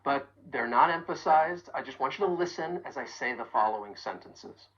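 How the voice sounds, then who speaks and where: A woman teaching English pronunciation in a video lesson, carefully modeling example phrases slowly and clearly. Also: very deep voice, expressive, dull audio, a little hiss or hum.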